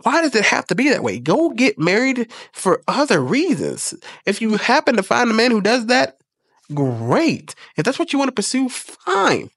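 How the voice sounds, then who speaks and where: A man's voice: very high voice, wildly swooping pitch, moderate pace, a bit bright, no room sound. A man hosting a casual commentary video, blunt and profane, lecturing in an exasperated way.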